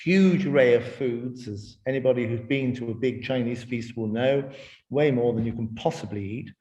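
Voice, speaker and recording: Man giving a measured lecture, echoey room. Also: mid-range voice, darkish tone. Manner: measured, explanatory, with frequent restarts. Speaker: speaker in a webinar. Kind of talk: lecture with storytelling.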